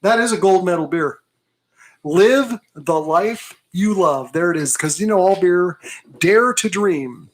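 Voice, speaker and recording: Guest man, high voice, halting and apologetic, on a noisy recording. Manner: apologetic, hesitant. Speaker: podcast guest running trivia. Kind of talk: casual chat.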